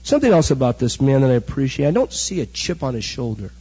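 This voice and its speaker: A middle-aged man preaching a sermon, animated storytelling that acts out the quotes. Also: medium pitch, fast talker, husky. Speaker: pastor. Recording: dull recording with hall echo.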